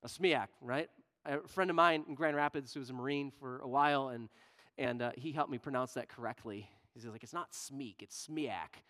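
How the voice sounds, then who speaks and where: A male pastor preaching a sermon in church, shifting from loud, emphatic questions to quiet, low asides. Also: a little fast. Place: church sanctuary.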